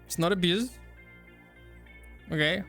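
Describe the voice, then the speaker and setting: A man's voice: high-pitched, slow pace, faint music behind. A man from Portugal streaming, chatting casually and acting out quoted people with lots of swearing. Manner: animated storytelling, swears, acts out quotes. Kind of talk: casual chat while gaming.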